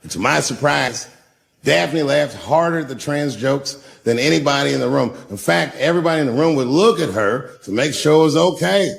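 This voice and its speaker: Stand-up comic, man, gravelly, profane, conversational, club stage mic. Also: on the high side, expressive, moderate pace, a little hiss or hum. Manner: profane, loose, conversational delivery with sudden loud acted quotes. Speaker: stand-up comedian. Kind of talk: stand-up storytelling with crowd work.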